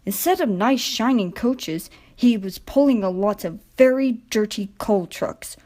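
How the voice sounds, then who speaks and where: A woman's voice: on the high side, unhurried, mellow. Woman reading a children's story. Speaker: storybook narrator.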